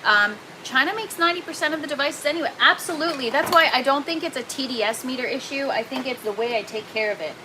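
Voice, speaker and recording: A woman's voice: high voice, fast, few pauses, background noise. A woman hosting a casual livestream, chatting and reading viewer comments aloud, laughing often. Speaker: livestream host. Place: indoor grow tent.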